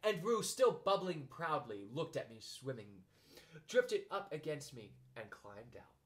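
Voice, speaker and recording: Male storyteller reading aloud, animated delivery, a bit high-pitched. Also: measured pace. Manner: expressive narration.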